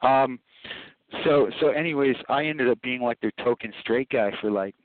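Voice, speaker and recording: A man's voice: mid-range voice, normal speed, no echo. Rambling man on a tinny phone line. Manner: rambling, animated anecdotes with laughs and acted quotes. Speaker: filmmaker guest. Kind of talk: casual interview storytelling.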